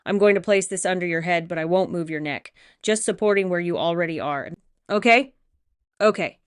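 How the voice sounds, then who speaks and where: A quietly terrifying crime boss in his thirties with a Korean accent, as a woman reads him, his voice controlled and measured. The tone is smooth and clear, with a dry, close sound. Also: lowish voice, no echo, natural voice. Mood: gentle.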